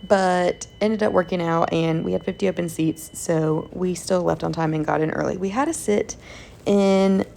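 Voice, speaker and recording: Chatty young woman with gravelly fry. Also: lowish voice, steady tone, moderate pace, a little mellow, a little hiss or hum. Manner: chatty, upbeat, lots of "like" fillers. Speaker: flight attendant vlogger. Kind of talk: casual vlog narration. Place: hotel room and crew travel.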